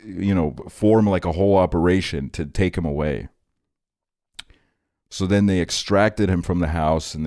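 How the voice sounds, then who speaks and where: Deep-voiced young man rambling a story. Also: a little mellow, dry recording, clean studio sound. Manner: rambling, filler-heavy, laughs at his own story. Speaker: streamer. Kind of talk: casual storytelling chat. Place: home streaming setup.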